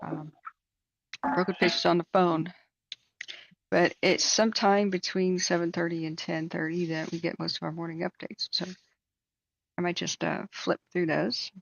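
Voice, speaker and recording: A woman's voice: lowish voice, level tone, moderate pace, gravelly, pauses often, no echo, lo-fi sound. A woman hosting a live stream, chatting casually and telling rambling anecdotes with plenty of fillers. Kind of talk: casual chat and storytelling.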